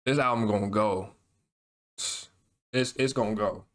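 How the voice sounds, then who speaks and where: A man hosting a music reaction, talking casually in excited slang and repeating himself as he reacts. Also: lowish voice, a little slow.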